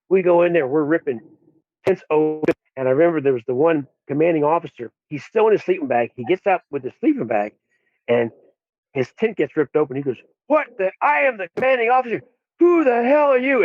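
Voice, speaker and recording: Animated man on a tinny line. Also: a little high, no room sound. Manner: animated, acts out quotes in raised voices. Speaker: podcast guest. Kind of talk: storytelling in conversation. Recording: dry tinny phone-like line.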